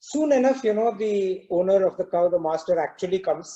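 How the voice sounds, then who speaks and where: A man with a fairly high voice and a dark, mellow tone tells a spiritual parable. He speaks in a measured, reflective manner, often pausing with "you know". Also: expressive, highs cut off. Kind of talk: spiritual storytelling talk.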